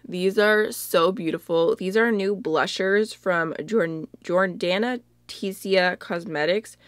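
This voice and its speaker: A woman's voice: mid-range voice, takes it slowly, dry recording. Chatty young woman, dry close sound. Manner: chatty, lots of "like" and "really, really". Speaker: beauty vlogger. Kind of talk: casual chat.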